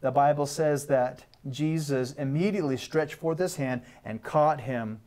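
A man giving a short, animated sermon as a guest, acting out the voices in the story with humor. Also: fairly high pitch, a little slow. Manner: animated, acts out Bible voices and jokes. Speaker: guest pastor. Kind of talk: short sermon on a talk show.

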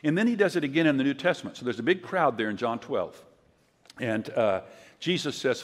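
An older man giving a conference sermon, telling stories in a conversational way and acting out quotes loudly. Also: mid-range voice, expressive, moderate pace. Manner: conversational storytelling, loud acted quotes. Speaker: preacher. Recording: long hall reverb.

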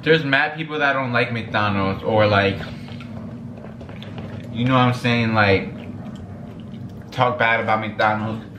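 A young man casually chatting while he eats through a fast-food meal, laid-back and slangy, dropping "you know what I'm saying" again and again. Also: mid-range voice, background noise. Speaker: vlogger and musician. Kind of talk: casual mukbang chat while eating. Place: room at home. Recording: echoey room.

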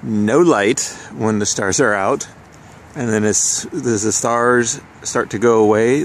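A young man vlogging casually about his photo outings, chatty and quick to laugh as he walks and drives around the city. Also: on the low side, vocal fry. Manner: chatty, laughs often, thinks aloud while walking and driving. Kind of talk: casual handheld travel vlog. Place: outdoors and in a car around a city. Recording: noisy outdoor street recording.

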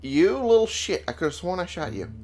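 A man's voice: high voice, very animated, normal speed, a little mellow. A young man casually commentating his gameplay, swearing freely and talking back to the characters with wry humor. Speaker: let's play gamer.

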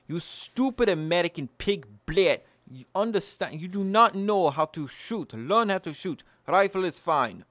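A man putting on a deliberately bad Russian accent to play a scornful gun instructor who scolds a clumsy shooter. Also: high-pitched, animated, a bit bright, no echo, pitched above the performer's own voice. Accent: put-on Russian, deliberately bad. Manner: mocking, scolding.

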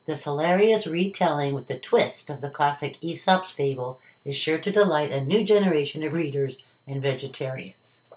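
A woman's voice: deep voice, normal speed, few pauses. An older woman, a retired teacher, reading a children's story aloud at home. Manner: warm, expressive reading to children.

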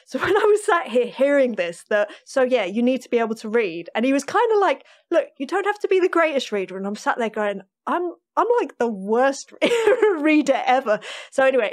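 A woman drummer, a podcast guest, telling stories in a lively, chatty way and laughing often. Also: fairly high pitch. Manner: animated storytelling, laughs often. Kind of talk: casual interview chat.

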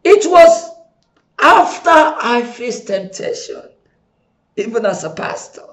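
High-voiced, slow-preaching male pastor. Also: sing-song. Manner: impassioned preaching, swinging from soft pleading to shouting. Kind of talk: sermon.

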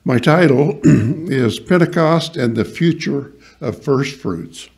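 Male pastor, unhurried delivery, slightly husky tone, halting sermon style with scripture reading. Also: medium pitch, darkish tone. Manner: halting, many restarts and fillers, reads scripture aloud; quizzes the congregation lightly. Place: church hall.

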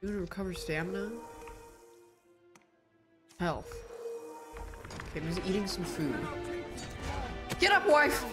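Excitable woman streaming a game. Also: mid-range voice, a little slow, long pauses. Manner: excitable, yelps and swears at the game. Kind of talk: live gameplay commentary. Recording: game music under the voice.

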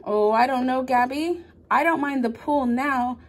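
A woman's voice: high voice, unhurried, slight background noise. A woman voicing a timid male party cat in toy play storytelling, with hesitant, nervous talk.

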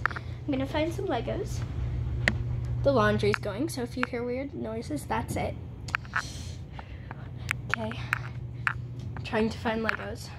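A woman's voice: on the high side, takes it slowly, long pauses, very noisy. A woman chatting casually in a home vlog, playful and dramatic as she complains about pain. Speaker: vlogger. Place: house, at home.

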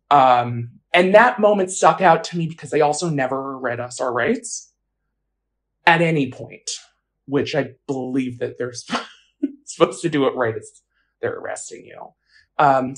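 Woman, interviewee, casual personal account, candid, blunt, filler-heavy. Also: a bass voice.

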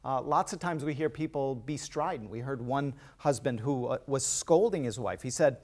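A man professor presenting a talk on relationship research in a clear, explanatory manner. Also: mid-range voice, normal speed, few pauses, darkish tone. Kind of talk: scripted talk on couples' health.

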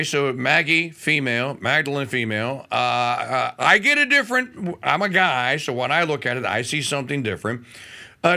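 A male talk radio host on a studio microphone, speaking with a bright, forceful edge. His pitch leaps up and down as he talks, and his voice has a gravelly crackle. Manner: animated, stammering restarts, quick pitch jumps. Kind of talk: casual political talk radio.

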